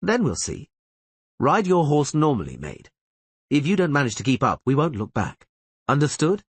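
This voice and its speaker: A man's voice: on the high side, huge pitch swings, normal speed, breathy edge, no room sound, voice pushed up, full character voice. A man voicing a blunt male gang leader who fires off curt questions.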